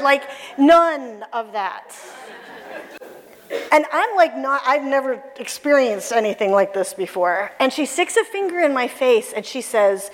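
A high-pitched woman with a lively, swooping voice tells a personal story to a church audience, acting out the people she quotes and laughing as she goes. Her voice carries the long reverb of a hall. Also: unhurried. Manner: animated, acts out quoted voices, laughs often.

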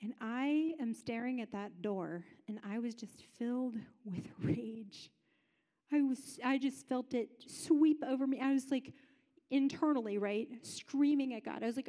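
A woman with a somewhat high voice shares a personal story from the front of a church. She talks casually, like chatting with friends. She slips into the voices of the people in the story as she goes. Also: a little slow, dark tone, big-room sound. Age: adult parent. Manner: conversational storytelling that acts out other people's lines. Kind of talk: personal story within a sermon.

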